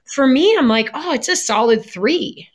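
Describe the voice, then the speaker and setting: A woman's voice: high voice, expressive, moderate pace. Reflective woman in casual talk. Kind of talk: casual conversation.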